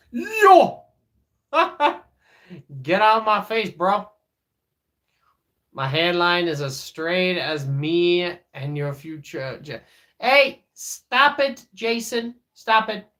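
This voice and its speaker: A man's voice: sits high, fairly bright tone. A man, streaming live in casual chat, joking and teasing viewers as he reads their messages aloud. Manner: many fillers and restarts.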